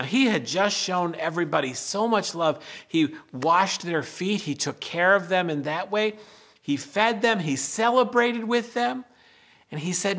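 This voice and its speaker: A middle-aged pastor reading a Bible story and giving a children's message, explaining simply and gently. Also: male voice, on the high side.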